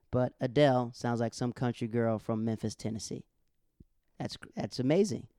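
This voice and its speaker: A man's voice: medium pitch, no echo, studio quality. A young man hosting a casual monologue, rambling through stories and acting out the people he quotes. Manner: rambling, animated storytelling with quoted voices.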